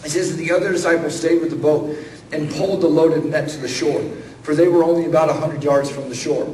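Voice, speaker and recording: A man giving a conversational, animated sermon as a guest speaker, acting out lines of dialogue. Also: a little high, a little fast, slight background noise. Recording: echoey room from a distance.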